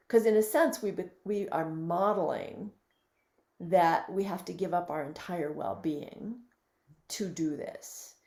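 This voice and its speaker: A woman in her fifties, a physician and midwife, giving reflective, gently emphatic advice as an interview guest over a video call. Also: fairly low pitch. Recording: roomy echo.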